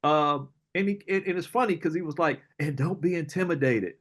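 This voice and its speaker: A middle-aged man, an entrepreneur guest, telling casual stories in an animated, slangy way, often acting out other people's lines. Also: fairly high pitch, brisk. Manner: animated storyteller, slangy, acts out quoted voices, laughs often. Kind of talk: casual storytelling interview.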